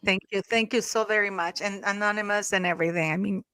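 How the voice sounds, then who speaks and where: A woman's voice: medium pitch, steady tone, fast talker, pushed and bright, a little hiss or hum. A woman co-hosting a live stream in casual chat. She thanks viewers often and laughs easily.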